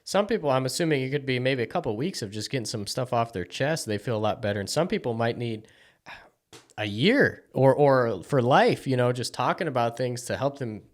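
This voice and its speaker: Brief: male podcast host, easygoing, mid-pitched, casual conversational tone. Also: animated, a little fast.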